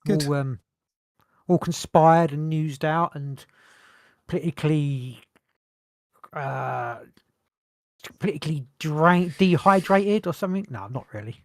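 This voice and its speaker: A man co-hosting a casual podcast, joking loudly, swearing and slipping into mock voices. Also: a little high, unhurried, pauses often, no room sound, studio quality. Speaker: podcast co-host. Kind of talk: casual chat.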